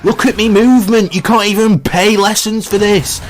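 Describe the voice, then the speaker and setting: Ein Mann als großmäuliger junger Zocker, der pöbelt und prahlt. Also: male voice, sits high, steady tone, normal speed, a little hiss or hum, voice pushed up, lightly acted. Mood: taunting. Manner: brash taunting, calls everyone mate. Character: cocky young male trash-talking gamer. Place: at home on a gaming mic.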